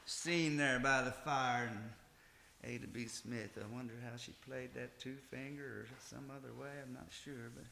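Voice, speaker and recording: An older man, a folk musician, talking casually and haltingly at a music gathering, with many fillers and restarts. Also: mid-range voice, steady tone, creaky, bright, forceful tone, a little hiss or hum. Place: music festival stage, roomy hall. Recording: roomy hall with instrument playing.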